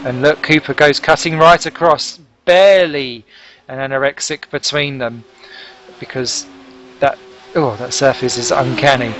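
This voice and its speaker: A man giving lively, jokey play-by-play commentary on a sim race broadcast. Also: medium pitch, slight background noise. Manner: excitable, jokey, chatty play-by-play. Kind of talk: live sim racing commentary.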